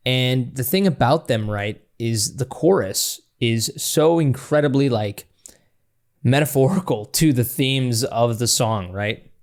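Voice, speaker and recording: A man hosting a music reaction channel analyzes a song in casual, enthusiastic, rambling talk, restarting often and breaking into scatting and laughter. His voice is medium-pitched and a little slow.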